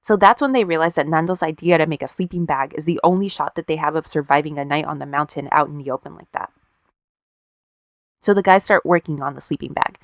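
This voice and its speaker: A woman's voice: low voice, quick pace, dry recording, clean studio sound. A woman co-hosting a podcast, casually telling a story with wry, profane asides and acted-out quotes. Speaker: podcast co-host.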